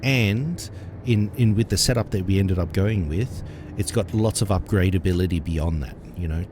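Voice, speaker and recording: A man's voice: deep voice, normal speed, noisy background. A young man chatting casually on a live gaming stream, laughing often as he plays. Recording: game music playing behind.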